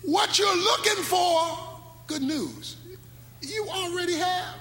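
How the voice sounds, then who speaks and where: A man preaching a sermon with speech, swinging between sudden shouts and slow, drawn-out phrases. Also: very high-pitched. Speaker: pastor. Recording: echoey hall with faint music.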